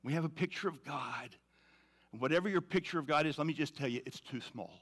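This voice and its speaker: A man's voice: a little high, brisk, fairly bright tone. A man preaching a sermon in a conversational, emphatic way, often repeating phrases. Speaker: pastor.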